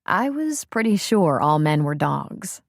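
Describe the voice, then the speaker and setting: A woman reading the part of a woman newly in love in an audiobook, with soft, breathy, wondering delivery. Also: low-pitched, very animated, a little slow, dry recording, clean studio sound, exaggerated voice. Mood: playful.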